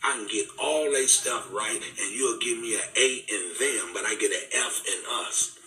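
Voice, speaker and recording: A man's voice: lowish voice, moderate pace, sharp tone. A man giving an impassioned, preaching talk, fervent and repetitive, in casual vernacular. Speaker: speaker. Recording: echoey room, distant mic, faint music.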